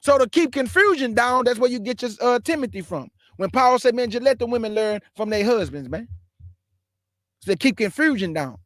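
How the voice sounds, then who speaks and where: A man preaching Bible commentary, emphatic and firing rhetorical questions, reading scripture aloud slowly and deliberately. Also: extremely high pitch, expressive, fairly bright tone, no echo, studio quality. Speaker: online Bible teacher.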